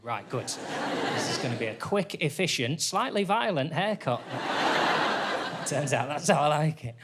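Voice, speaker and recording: A man's voice: fairly high pitch, measured pace, very noisy. A man, doing a dry, self-deprecating stand-up routine on stage. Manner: deadpan, self-deprecating, wry. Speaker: stand-up comedian. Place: theatre stage with audience laughter.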